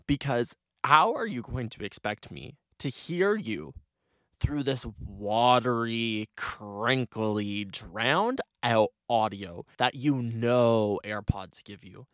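A young man hosting his own solo podcast, talking in an animated, chatty way with lots of "like" fillers. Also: medium pitch, no echo, studio quality. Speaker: podcast host.

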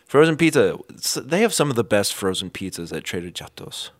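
A man's voice: fairly low pitch, very animated, fairly quick, dry recording, studio quality. A young man co-hosting a casual podcast chat, playful and joking, laughing often. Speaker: podcast co-host.

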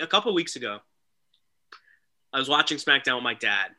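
A man co-hosting a casual wrestling talk show, excitable and animated, often mimicking people. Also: mid-range voice, fairly quick. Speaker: podcast co-host.

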